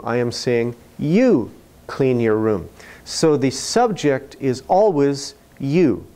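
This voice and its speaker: Slow, deliberate male teaching narrator. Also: medium pitch, darkish tone. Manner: slow, clear, deliberate explanations. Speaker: ESL video narrator.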